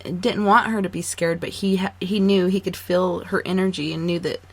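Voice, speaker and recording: A woman's voice: lowish voice, fairly even intonation, normal speed. A woman hosting a radio interview, asking questions in an encouraging way. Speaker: radio show host. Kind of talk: casual interview.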